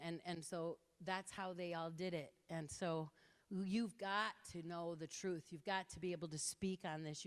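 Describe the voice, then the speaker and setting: Impassioned woman speaker in a reverberant hall. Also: on the low side. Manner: animated storytelling with quoted voices. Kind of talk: impassioned talk to an audience.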